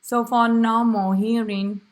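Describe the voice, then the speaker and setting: Slow, halting woman demonstrating an exam. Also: on the high side, level tone. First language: Vietnamese. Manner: halting, many fillers and self-corrections, non-native English grammar. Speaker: student demonstrating a physical exam. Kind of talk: narrated clinical skills demonstration.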